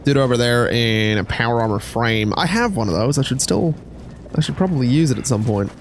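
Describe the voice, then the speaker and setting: A man's voice: mid-range voice, expressive, a little fast, slight background noise. Man joking through game commentary. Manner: rambling, joking asides to chat. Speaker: streamer. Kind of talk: casual gameplay commentary.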